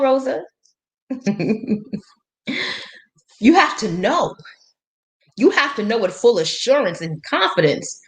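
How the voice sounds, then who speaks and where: Woman, motivational coach, slightly high voice, emphatic and preachy, quotes scripture, laughs between points. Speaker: life and business coach. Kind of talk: motivational live-stream talk.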